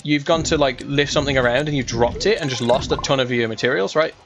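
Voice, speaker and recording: A man's voice: mid-range voice, quick pace, over music. Rambling young man, West Midlands English. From England. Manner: rambling, chatty, full of fillers and restarts. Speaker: gaming streamer. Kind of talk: casual gameplay chat.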